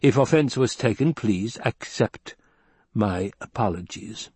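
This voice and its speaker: A man voicing a haughty, easily frightened male banker who talks slowly and stiffly with a rasp. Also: lowish voice, lively intonation, a little mellow, dry recording. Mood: stiff, fearful. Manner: slow, stiff, rasping.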